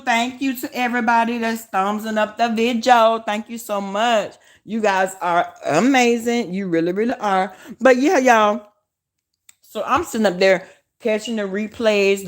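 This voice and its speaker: A woman with a Southern US accent on a casual livestream, talking loudly and profanely, hollering and calling her viewers y'all. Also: mid-range voice. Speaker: vlogger.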